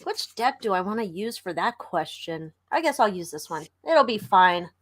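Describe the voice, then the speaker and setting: A woman's voice: mid-range voice, sing-song, normal speed. A woman co-hosting a live tarot stream, chatting playfully and greeting viewers in a sing-song way. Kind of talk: casual chat.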